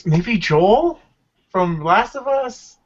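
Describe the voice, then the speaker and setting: An excitable man hosting a casual group chat over an online call, laughing often and tripping over his words. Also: high-pitched, drawn-out words. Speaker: podcast host. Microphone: online video call. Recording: lo-fi online call audio with faint noise.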